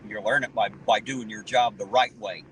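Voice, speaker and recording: A man's voice: lowish voice, fairly even intonation, normal speed, a little hiss or hum, rough recording. A man hosting a live stream from inside a car, talking in a blunt, profane, folksy way. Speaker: livestream host. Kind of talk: casual chat on a live stream.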